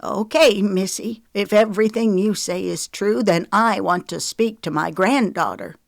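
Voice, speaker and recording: Woman narrator doing an older grandma, sharp and demanding, raised voice, dry close read. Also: medium pitch, a little slow, vocal fry, dry recording, pitched above the performer's own voice. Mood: stern. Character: stern suspicious older Southern grandmother.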